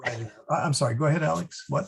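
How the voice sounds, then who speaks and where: A man teaching a Latin class, talking in a halting way with many fillers and restarts and chuckling at his own jokes. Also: a little high, creaky, a bit bright. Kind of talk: online class lecture.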